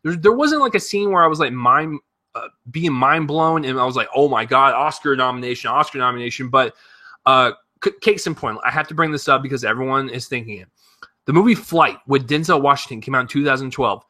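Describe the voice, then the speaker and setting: A man giving a casual spoken movie review, animated and profane, rambling with lots of fillers and restarts. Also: medium pitch, fairly quick. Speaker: film reviewer.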